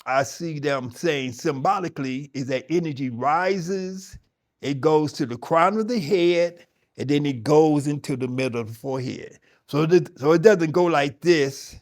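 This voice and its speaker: A middle-aged man teaching yoga, talking conversationally and emphatically to his audience, often restarting his sentences. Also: a little high. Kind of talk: spoken talk to a yoga audience.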